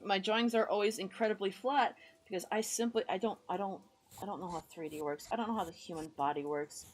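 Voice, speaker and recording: A woman's voice: medium pitch, fast talker. A woman from the United States streaming live, chatting casually while she draws, rambling and self-deprecating, muttering to herself and greeting her chat in a friendly way.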